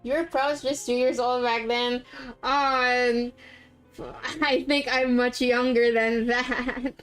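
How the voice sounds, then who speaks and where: A woman's voice: on the high side, flat delivery, slow, a bit bright, soft background music. A woman from the Philippines streaming a game, bubbly, reading the story aloud and chatting in between. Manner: bubbly, gasping and giggling. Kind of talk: casual game stream with narration.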